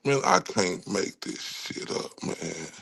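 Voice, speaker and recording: A man's voice: low-pitched, very animated, slow pace, gravelly, sharp tone. A man with a Texan accent giving angry, profane true-crime commentary and talking straight to his viewers. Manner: angry, cursing, talks to viewers.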